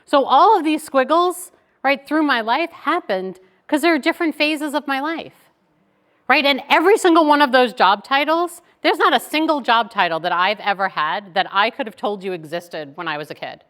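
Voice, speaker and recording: Female keynote speaker, 40s, somewhat high voice, chatty storytelling delivery with frequent "right?" check-ins. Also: normal speed. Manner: chatty, animated, tags lines with "right?".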